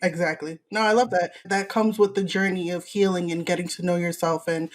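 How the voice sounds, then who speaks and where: A woman's voice: on the low side, fairly even intonation, fairly quick. A woman hosting a podcast interview, affirming her guest and moving on to the next question. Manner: affirming, encouraging. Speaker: podcast host.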